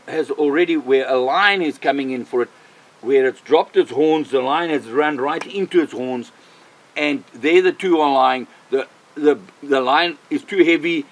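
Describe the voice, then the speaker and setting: An older man, a missionary, telling a personal faith testimony in an animated way, repeating phrases for emphasis. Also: fairly high pitch, rough recording. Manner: animated, vivid storyteller who repeats himself for emphasis.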